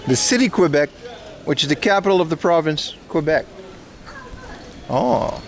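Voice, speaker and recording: A man's voice: a little high, expressive, fairly quick, creaky. A man hosting a casual livestream outdoors on a city street, joking and answering his chat as he walks. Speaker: livestream host.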